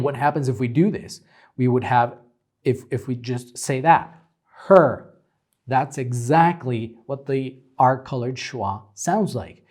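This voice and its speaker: A young man teaching phonetics, explaining symbols slowly with frequent ums while pointing at examples. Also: mid-range voice, darkish tone. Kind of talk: phonetics lecture at a board.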